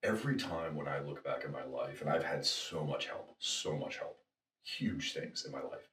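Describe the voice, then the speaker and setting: A middle-aged man, a guest, telling stories in a casual, animated way and acting out the quotes. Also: extremely low pitch, moderate pace, a little hiss or hum. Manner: animated storyteller, acts out quotes. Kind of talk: casual storytelling.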